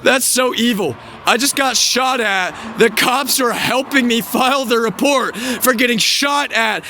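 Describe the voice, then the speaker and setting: A young man ranting angrily at his viewers, swearing, shouting and laughing bitterly. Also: very high voice, a little slow, a little hiss or hum. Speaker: vlogger. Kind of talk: angry rant to viewers.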